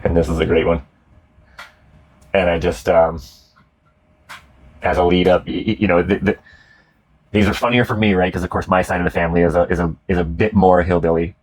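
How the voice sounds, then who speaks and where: A man's voice: deep voice, steady tone, brisk, pauses often, a little mellow. A man hosting casual chat about comedy clips, rambling with many restarts, swearing and laughing. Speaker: host reacting to comedy clips.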